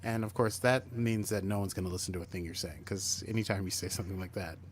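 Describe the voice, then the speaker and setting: A man's voice: deep voice, steady tone, fast talker, breathy edge. Chatty man recapping an episode. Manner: chatty, acts out characters' lines while retelling. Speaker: podcast co-host. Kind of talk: casual chat recapping a TV episode.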